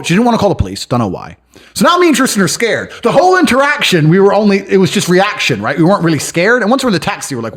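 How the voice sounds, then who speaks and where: Brash, fast-talking storyteller man. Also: a little high, huge pitch swings. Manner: brash, swears freely, acts out other people's lines. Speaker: podcast guest. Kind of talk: boastful storytelling in casual chat. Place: lives in London.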